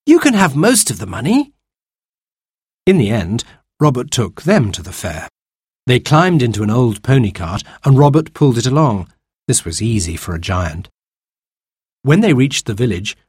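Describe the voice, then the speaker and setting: A man reads a children's story aloud with a lively, expressive lilt. His voice has a husky edge. The recording is dry and close. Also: fairly low pitch, normal speed, dry recording. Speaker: narrator.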